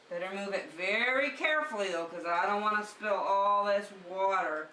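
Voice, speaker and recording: Brief: bright, lively female preschool teacher; slow, sing-song delivery; recorded at a distance in an echoey room. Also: medium pitch. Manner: sing-song, animated, addressing children as friends. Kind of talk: children's circle time lesson.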